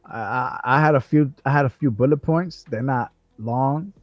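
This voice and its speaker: A man's voice: medium pitch, moderate pace, no room sound, lo-fi sound. Co-host, male, loose slangy delivery full of restarts, dry close sound. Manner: slangy, profane, many restarts and "bro". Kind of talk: casual livestream conversation.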